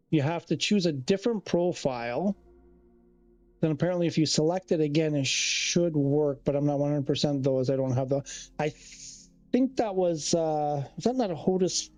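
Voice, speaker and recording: A man chatting casually to his stream in a fairly high, warm, mellow voice. He rambles, trails off and restarts his sentences as he reads chat aloud. The sound is close and dry, with faint music underneath. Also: no room sound. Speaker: livestreamer.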